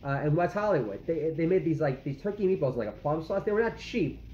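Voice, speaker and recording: This man in his forties, a vlogger dad, rants comically and self-mockingly about his food, with plenty of fillers along the way. He speaks a little fast and animated, in a slightly high, darkish voice with a little hiss or hum behind it. Sound is dull and lo-fi, captured in a room with echo.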